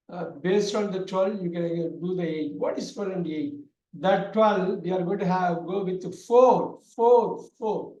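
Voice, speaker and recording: Teacher guy, loud, repeats everything, high-ish voice, echoey room. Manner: loud, repetitive explaining with many fillers. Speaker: English teacher. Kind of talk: online class lecture.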